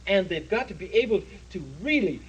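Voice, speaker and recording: TV puppet comedy: self-important dragon candidate, rambling patter, lively high pitch. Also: male voice, fairly quick, low-quality recording. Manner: pompous, rambling salesman patter. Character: boastful good-natured male dragon, perennial candidate. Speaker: puppet character.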